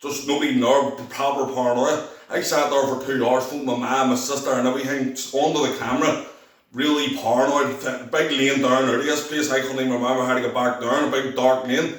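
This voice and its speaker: A man's voice: medium pitch, heavy reverb, recorded from a distance, low-quality recording. Belfast man rambling through a testimony. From Northern Ireland. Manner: rambling, restarts often, acts out quoted voices. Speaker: testimony speaker. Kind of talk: personal testimony.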